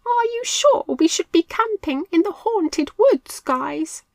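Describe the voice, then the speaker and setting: Woman putting on a timid boy mouse, very high and thin, trembling, pleading, storybook. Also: moderate pace, dry recording. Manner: trembling, pleading, often whispering. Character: timid young boy mouse, easily frightened.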